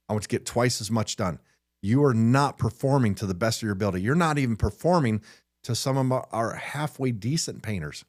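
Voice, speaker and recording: With a medium-pitched, darkish voice, a middle-aged podcast host improvises a frustrated, blunt pep talk. He tends to repeat the first words of a sentence as he gets it going.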